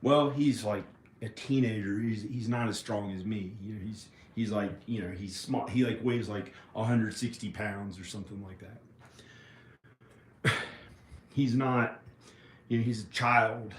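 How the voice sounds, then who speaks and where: Middle-aged male vlogger, slow halting ramble, recorded in an echoey room with faint hiss. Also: on the low side. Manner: rambling, halting, restarts often and trails off. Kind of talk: rambling solo monologue.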